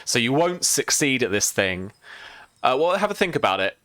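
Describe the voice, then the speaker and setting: A man's voice: mid-range voice, big pitch swings, normal speed, fairly bright tone, no echo. A man as game master of a tabletop game, rambling with many fillers and restarts. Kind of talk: narrating a tabletop game on a stream.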